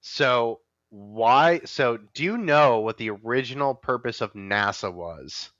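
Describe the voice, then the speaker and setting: A man's voice: mid-range voice, slow, dry recording, dull audio. A man co-hosting a casual podcast chat, retelling stories animatedly and acting out the voices. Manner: animated storyteller, acts out voices in his retellings. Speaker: podcast co-host.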